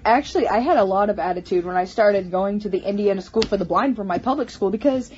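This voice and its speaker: A woman talking in a casual personal vlog, halting with many restarts and stammers. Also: medium pitch, darkish tone, a little hiss or hum. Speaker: vlogger. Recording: slightly muffled home recording.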